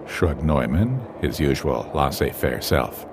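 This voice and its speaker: A man narrating an animal fable in a measured, expressive storytelling voice. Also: a bass voice, slight background noise.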